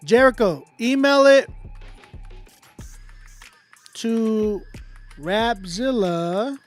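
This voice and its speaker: A man hosting a casual livestream, chatting with viewers in slang and often trailing off into quiet mumbles. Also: high-pitched, expressive, a little slow, faint music behind. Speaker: livestream host running a song battle.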